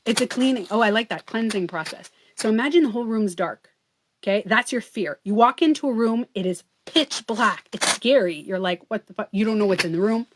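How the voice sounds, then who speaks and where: A woman's voice: fairly high pitch, a little fast, a little hiss or hum. A woman hosting a casual livestream, talking earnestly and full of fillers. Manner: chatty and earnest, many fillers like "like" and "you know". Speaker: livestream host and beauty coach.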